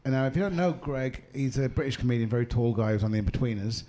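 A man, a comedian on stage, joining in the banter and telling a story in a halting, conversational way. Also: mid-range voice, dark tone, a little hiss or hum. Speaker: comedian, co-performer. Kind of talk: stand-up banter.

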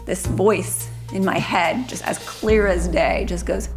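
A woman's voice: on the low side, slow. Woman storyteller, earnest and urgent, over music. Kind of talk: recounting a personal story. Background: background music.

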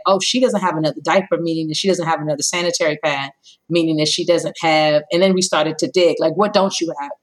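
Woman, 30s, podcast guest, storytelling, lowish voice, acts out dialogue. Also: poor audio. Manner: animated storyteller, acts out dialogue with big pitch jumps. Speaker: company co-founder, guest.

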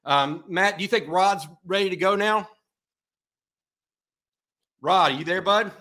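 A man's voice: high voice, unhurried, pushed and bright. A man hosting a live postgame football talk show, chatty and heavy on filler uhs. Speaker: host.

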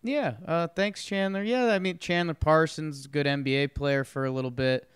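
A man co-hosts a casual sports podcast, easygoing and chatty, rambling through his thoughts. His voice is clear and smooth, and the recording is dry and close. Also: fairly high pitch, no echo. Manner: easygoing, rambling, quick to laugh. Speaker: podcast co-host.

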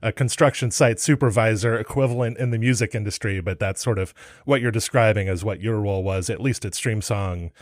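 A man hosting a podcast interview, asking measured, curious questions. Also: lowish voice, no echo, clean studio sound. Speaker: podcast host.

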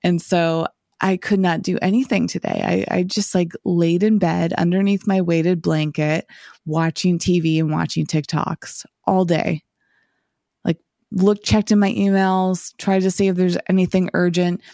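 Woman hosting a solo podcast, rambling and reflective, tired and a bit scratchy, with some vocal fry. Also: on the low side, steady tone, measured pace, mellow, no room sound, studio quality. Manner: rambling, reflective, many filler "like"s. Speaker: podcast host.

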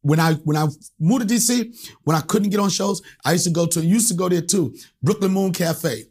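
Husky-voiced man telling stories animatedly. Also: high-pitched, fairly quick, a little mellow. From Alexandria, Virginia. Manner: profane, acts out voices in anecdotes. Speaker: stand-up comedian, guest. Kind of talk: animated storytelling.

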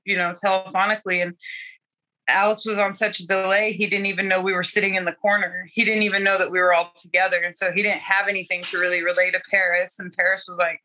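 A woman's voice: mid-range voice, brisk, sharp tone, poor audio. A young adult woman fighter telling her story candidly in a casual interview, laughing often and swearing freely. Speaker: guest fighter.

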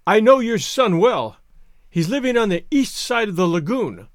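Man doing a scared faltering husband, lively high voice, storybook, dry sound. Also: normal speed, no room sound. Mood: frightened. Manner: faltering, fearful. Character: timid, scheming island husband.

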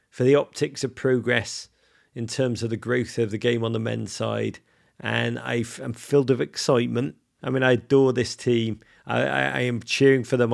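A man's voice: mid-range voice, creaky. A man with an English accent co-hosting a casual podcast, effusive and rambling, with many restarts. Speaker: podcast co-host.

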